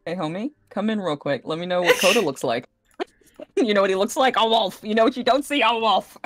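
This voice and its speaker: A woman's voice: medium pitch, fairly quick, noisy background. A woman chatting casually while gaming, teasing and laughing. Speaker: fellow roleplayer.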